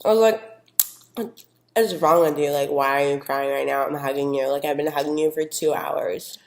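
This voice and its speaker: A gossipy, clingy girlfriend chatters along, dropping "like" at every turn, as a young woman plays her. Her voice is a little low. The room around her echoes. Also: normal speed, vocal fry. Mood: confiding. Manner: casual, valley-girl "like" fillers. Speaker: interviewee in a mock news segment.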